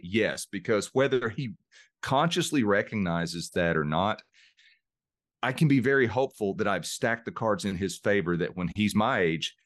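A man's voice: fairly low pitch, animated, normal speed, a bit bright, no room sound, clean studio sound. A middle-aged man, a podcast guest, earnestly telling a personal story and openly showing emotion. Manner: earnest, open about emotion, repeats words while searching. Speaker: podcast guest, mind coach. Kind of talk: reflective interview storytelling.

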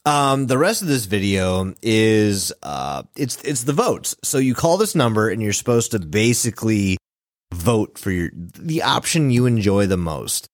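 A man's voice: lowish voice, big pitch swings, unhurried, no echo, studio quality. A man hosting a casual podcast chat, loose and profane, with many filler words. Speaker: podcast host.

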